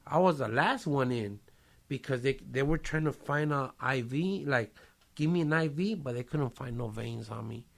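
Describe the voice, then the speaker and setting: A man's voice: mid-range voice, normal speed, vocal fry. A man casually telling a long personal story in a podcast studio, cursing often and using street slang. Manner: profane, streetwise slang, lively retelling with quoted voices.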